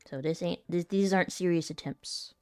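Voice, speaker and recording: A woman's voice: on the low side, warm tone, no room sound, clean studio sound. Laughing, rambling woman chatting casually. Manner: rambling, self-deprecating, laughs often. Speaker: voice actor and content creator. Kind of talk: casual chat while rehearsing.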